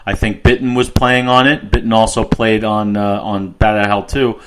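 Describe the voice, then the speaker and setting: A middle-aged man rambles through anecdotes in a lowish voice on a casual music podcast. He restarts his sentences often. A faint hiss sits under the recording. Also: flat delivery, normal speed. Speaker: podcast co-host.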